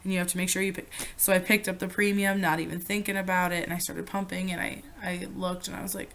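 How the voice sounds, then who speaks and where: A woman's voice: fairly low pitch, little pitch movement, fast, gravelly, a bit bright, slight background noise. A young woman chatting through a storytime vlog, swearing freely and losing her train of thought. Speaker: vlogger.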